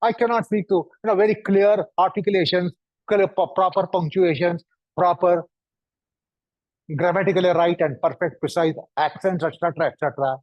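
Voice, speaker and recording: A man giving a lecture, speaking deliberately and piling up synonyms for emphasis. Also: sits high, fairly even intonation, dry recording. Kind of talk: lecture to an audience. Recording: dull, dry recording.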